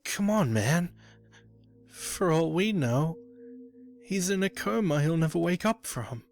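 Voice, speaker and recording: A man's voice: fairly high pitch, expressive, slow, vocal fry, a little hiss or hum, pitched above the performer's own voice, exaggerated voice. A man voicing a frightened, unhinged young man who stammers and pleads, in a creepypasta reading. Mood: pleading. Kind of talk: creepypasta narration.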